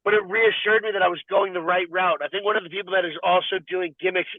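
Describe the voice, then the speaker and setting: Male podcast guest, high and dry, rambling chatter over a tinny phone-like line. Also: fast, dry recording. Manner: rambling and animated, heavy filler "like". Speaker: podcast guest, fighter and wrestler. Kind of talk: casual interview chat.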